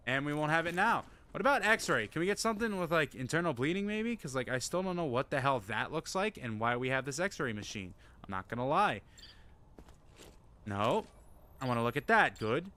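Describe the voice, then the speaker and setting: A man streaming a video game, commenting casually, yelling and joking at the characters. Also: medium pitch, slight background noise. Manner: loud, excitable, yells and jokes at game characters. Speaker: gaming streamer. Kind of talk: casual let's-play commentary.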